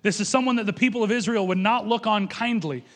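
A man's voice: high voice, fast, fairly bright tone, in a large hall. A man preaching a sermon, reading scripture aloud and acting out the people in it. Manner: quotes scripture aloud and acts out the speakers in it.

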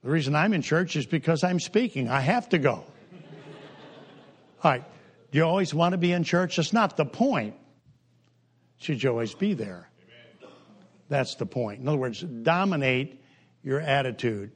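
An older man preaching a humorous sermon in a folksy, joking way, with sudden jumps in pitch and pace. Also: expressive, a little slow, long pauses, slightly rough.

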